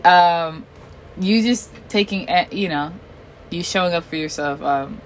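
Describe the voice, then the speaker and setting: A woman's voice: on the low side, a little slow, slight background noise, poor audio. A woman co-hosting a podcast in casual chat, laid-back and reflective, laughing easily. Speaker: podcast co-host.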